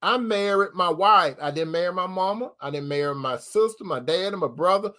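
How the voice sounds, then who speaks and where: A man's voice: high-pitched, lively intonation, moderate pace, hardly any pauses, bright, forceful tone. A man giving Christian relationship advice in a preaching style, repeating his points with emphasis and calling his listeners brother and sister. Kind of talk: preaching-style talk to viewers.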